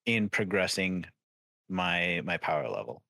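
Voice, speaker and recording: Slow, low male guest, dry close sound, measured and agreeable. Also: animated, creaky, pushed and bright, dry recording. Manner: measured, agreeable, halting restarts. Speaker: podcast guest, content creator. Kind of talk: casual podcast chat.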